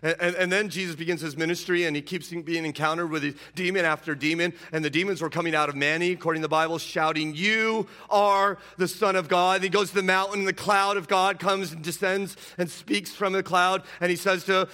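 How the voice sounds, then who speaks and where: A male pastor delivers a sermon with a bright, forceful voice that sits a little high for a man. He swings between loud, ringing declarations and quieter, intense asides. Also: steady tone, a little fast, hardly any pauses.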